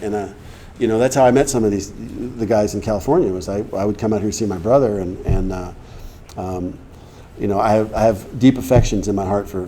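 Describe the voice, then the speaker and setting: A middle-aged man telling his personal recovery story to a meeting, conversational, acting out the dialogue he quotes and clearing his throat often. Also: on the low side, warm tone, a little hiss or hum.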